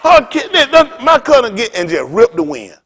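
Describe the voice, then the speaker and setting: High, lively-voiced male pastor preaching. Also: normal speed, creaky. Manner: animated, colloquial, often laughing while telling stories. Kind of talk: sermon with humorous storytelling.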